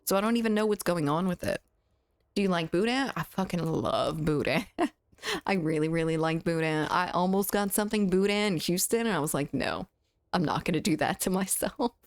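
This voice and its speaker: A woman's voice: fairly low pitch, a little fast, dry recording, clean studio sound. A woman with a Southern US accent chatting casually with her livestream chat while playing a game, laughing often and swearing freely. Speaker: streamer.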